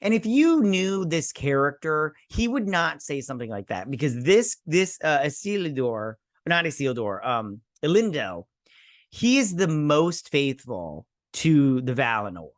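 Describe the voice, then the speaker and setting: A man's voice: on the high side, very animated, measured pace, no echo, studio quality. A man hosting a casual video review, ranting bluntly and scornfully, swearing, stumbling over restarts and fillers. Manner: frequent restarts and filler stammers. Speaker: show host.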